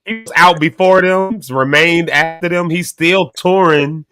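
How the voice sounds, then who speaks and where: A man hosting a morning talk show, laughing often and breaking into loud exclamations. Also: on the high side, steady tone, measured pace. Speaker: host. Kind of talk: casual chat.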